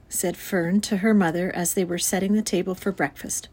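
A woman teacher reading a children's novel aloud to her class in a clear, expressive storytelling voice. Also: medium pitch, normal speed. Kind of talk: read-aloud children's book.

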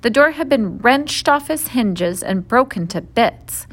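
A woman narrating a children's novel in a steady, clear storytelling manner. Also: on the high side, unhurried. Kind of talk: audiobook reading of a children's novel.

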